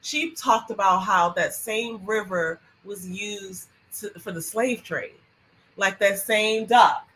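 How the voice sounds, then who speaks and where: A woman co-hosting a podcast in casual chat, expressive and quick to react. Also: medium pitch, rough recording. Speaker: podcast co-host.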